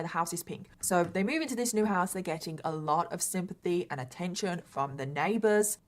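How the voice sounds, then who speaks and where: A woman co-host retelling a true-crime story in casual chat, emphatic and animated. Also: medium pitch.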